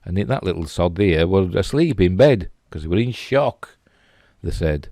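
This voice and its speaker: A man's voice: low-pitched, lively intonation, moderate pace, mellow, no echo, clean studio sound. A middle-aged man with a Yorkshire accent, rambling casually and chuckling as he comments on pictures. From England. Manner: chatty, rambling, chuckling asides. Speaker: host.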